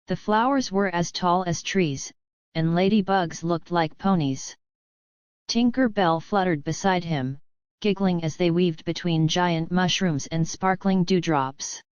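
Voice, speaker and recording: A woman telling a bedtime story in a calm, even way, recorded dull and lo-fi. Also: lowish voice, clear, resonant tone, no echo.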